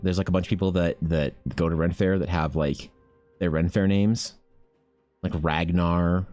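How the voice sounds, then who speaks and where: A man's voice: sits low, darkish tone. A man streaming while he draws, chatting casually with viewers in a rambling, profane, joking way. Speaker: art streamer. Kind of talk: casual live-stream chat. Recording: faint background music.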